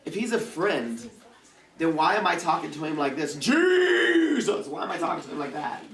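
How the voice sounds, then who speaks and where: A man's voice: fairly high pitch, expressive, fairly quick, fairly bright tone. A man preaching a casual, joking youth sermon as a youth pastor, acting out prayers in funny voices. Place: church youth service room. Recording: echoey church hall, mic at a distance.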